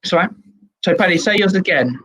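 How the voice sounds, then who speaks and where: A man hosting a casual group podcast game, playful and quick to exclaim. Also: high voice, expressive, a bit bright, husky. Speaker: podcast host.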